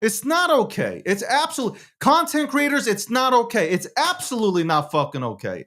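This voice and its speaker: High-voiced man ranting heatedly. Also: big pitch swings, moderate pace, few pauses, a bit bright. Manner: heated, repetitive, heavy swearing. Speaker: show host and producer. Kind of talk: live show monologue.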